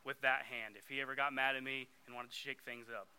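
A man's voice: mid-range voice, flat delivery, a little fast, pushed and bright, clean tone. A young man giving a conversational sermon, getting emphatic when he reads scripture aloud. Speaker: youth preacher.

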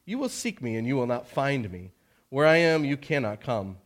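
A man reading aloud the words of a calm, authoritative male teacher in a measured, plain way. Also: medium pitch, lightly acted. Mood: solemn.

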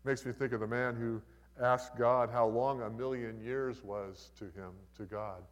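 A man's voice: medium pitch, fairly even intonation, a little slow, long reverb tail. An older man preaching a sermon as a pastor, in a conversational, folksy way with humorous asides.

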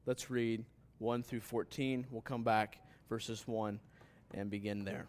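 A man preaching a sermon in a relaxed, conversational way, with asides to the congregation. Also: lowish voice, takes it slowly. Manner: conversational preaching that rises to emphatic scripture reading. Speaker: pastor.

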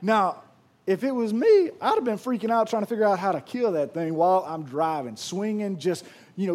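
A middle-aged man preaching a sermon, telling stories in a lively way with frequent restarts. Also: sits high, brisk. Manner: lively storytelling with repeated restarts. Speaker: pastor.

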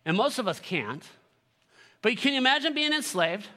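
A male pastor preaching a sermon, animated and joking, with sarcastic asides, reading scripture aloud and leading the congregation. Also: very high-pitched, moderate pace.

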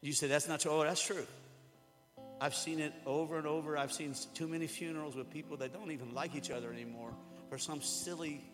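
A man's voice: on the high side, steady tone, brisk. A man preaching a sermon to a room, talking casually, joking and acting out little quotes. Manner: conversational, joking, with acted-out quotes. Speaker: pastor. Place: church hall before an audience. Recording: hall reverb with music behind.

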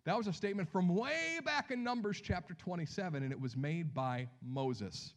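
A man preaching a sermon as pastor, telling the story with lively acted-out voices and dropping to hushed near-whispers for emphasis. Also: high-pitched, moderate pace.

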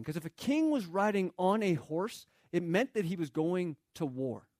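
A man delivers a sermon in a fairly high voice, recorded close and dry with no room sound. He speaks earnestly, quotes scripture and works the message up with rising intensity. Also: darkish tone, no echo. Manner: earnest preaching, quoting scripture, building in intensity. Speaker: pastor.

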